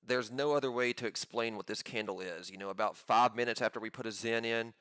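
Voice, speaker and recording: A man giving live commentary on his own trades, pumped up and talking in quick excited bursts. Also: mid-range voice, smooth, dry recording, studio quality. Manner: hyped, pumped-up chatter with sudden bursts.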